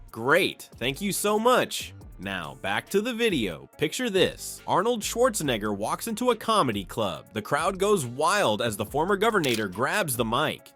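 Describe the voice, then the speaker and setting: Guy narrating a scripted video, kinda high voice, bouncy delivery, music under it. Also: a bit bright.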